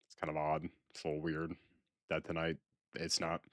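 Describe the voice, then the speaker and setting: A man streaming a horror game live, rambling with repetitive, sarcastic mock calm as he talks to chat. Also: very deep voice, moderate pace, no echo, studio quality.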